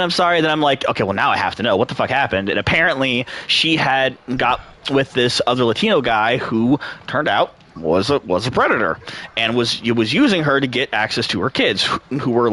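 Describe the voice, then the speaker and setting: A young man and gaming channel host telling a long personal story in a casual, animated way, swearing freely, laughing often and acting out the people he quotes. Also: medium pitch.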